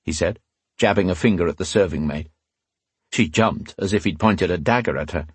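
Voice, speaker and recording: A man narrating a fantasy audiobook in a measured, dramatic reading style. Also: fairly low pitch, lively intonation, husky, dry recording.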